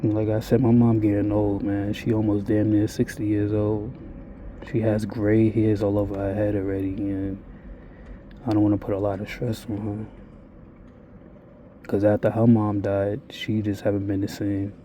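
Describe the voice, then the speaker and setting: A man's voice: on the low side, completely flat delivery, normal speed, warm tone, muffled recording, a little hiss or hum. A man telling a blunt, profane, rambling confessional monologue to his viewers. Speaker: vlogger.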